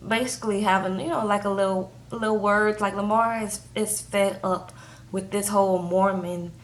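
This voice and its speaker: Here a young TV reviewer chats casually through a reality show episode, often tossing in "okay?" and "like" as fillers. She speaks at a moderate pace with a medium-pitched voice and fairly even intonation.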